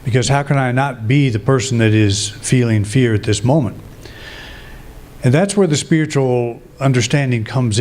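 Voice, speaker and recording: Calm reflective male preacher. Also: medium pitch. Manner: calm, reflective, thinking aloud with restarts. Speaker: minister. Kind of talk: sermon.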